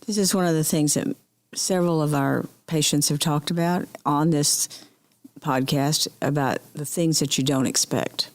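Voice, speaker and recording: A woman's voice: deep voice, steady tone, moderate pace. A woman podcast host asking questions and listening supportively in an interview.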